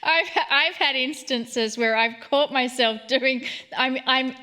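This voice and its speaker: A woman's voice: sits high, takes it slowly, bright, forceful tone. A woman hosting an interview, affirming her guest and asking open questions. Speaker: interview host. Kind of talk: interview conversation.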